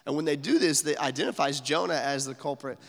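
A man's voice: a little high, expressive, fast, creaky, in a large hall. A man preaching a sermon in a casual, conversational way, full of fillers, sometimes dropping almost to a whisper for emphasis. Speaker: pastor.

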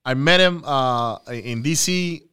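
A man co-hosting a casual podcast, an animated storyteller who breaks off for quick asides and shout-outs. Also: medium pitch, clear, resonant tone. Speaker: podcast co-host, real estate investor.

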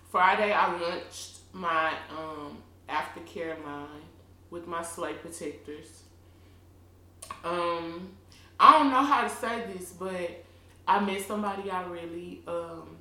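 A woman co-hosting a casual podcast chat, frank and profane with quick quips. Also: fairly low pitch, bright, forceful tone, roomy sound. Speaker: podcast co-host.

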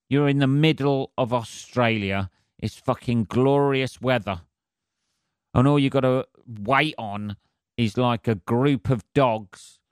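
Lightheaded bloke rambling on painkillers. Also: male voice, mid-range voice, no room sound, clean studio sound. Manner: sweary, meandering, self-interrupting. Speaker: podcast host. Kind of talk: rambling solo podcast monologue.

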